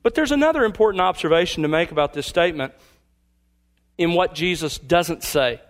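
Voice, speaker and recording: High-voiced man preaching an emphatic sermon. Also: animated. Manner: emphatic, teacherly, slows down on key phrases. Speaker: pastor.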